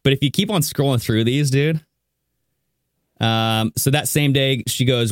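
A man's voice: mid-range voice, measured pace, long pauses, smooth, no room sound, studio quality. A man hosting a casual podcast chat, telling a story with lots of laughs and "dude". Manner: animated storyteller, laughs often, says "dude".

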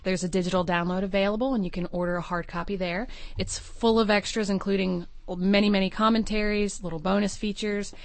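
A woman, an actress guest, reading promotional copy in a brisk, upbeat way. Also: mid-range voice, fairly even intonation, no echo.

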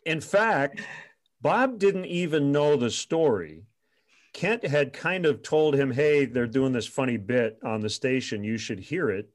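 A former radio sports reporter telling stories in an interview, animated and chuckling often. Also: male voice, mid-range voice, measured pace. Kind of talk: storytelling in an interview.

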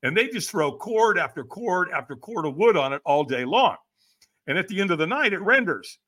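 A middle-aged man telling a story as a podcast guest, with a high, bright, forceful voice. His pitch swings widely as he acts out the people in his tale and keeps asking "right?" to pull the listener along. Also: a little fast. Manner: lively, acts out quoted voices, frequent "right?". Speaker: podcast guest, personal development coach. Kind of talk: animated storytelling in a podcast interview.

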